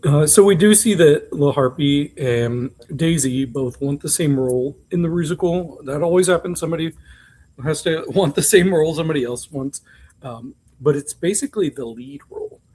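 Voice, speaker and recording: A man's voice: a little high, normal speed, mellow, slightly rough. A man co-hosting a podcast, recapping reality TV in a chatty, candid way with frequent ums and asides. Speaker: podcast co-host. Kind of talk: casual chat recapping reality TV.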